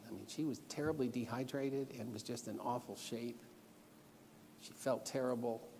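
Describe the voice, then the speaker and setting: The speaker is a middle-aged man guest preaching in a church auditorium, his mid-range voice a little mellow, with slight background noise and long reverb from the hall. Earnest and instructive, he tells personal stories and gives his listeners homework as part of the lesson.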